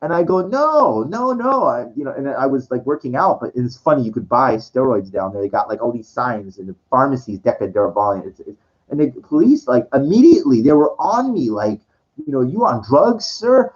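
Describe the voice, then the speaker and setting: A man's voice: mid-range voice, lively intonation, fairly quick. A man telling a rambling personal story full of restarts and swearing, breaking into quoted voices. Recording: dull lo-fi recording.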